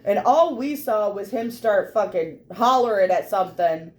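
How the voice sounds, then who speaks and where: A woman co-hosting a podcast, animatedly recapping a tabletop game, laughing often and swearing casually, her voice a little hoarse from laughter. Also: mid-range voice, animated, normal speed.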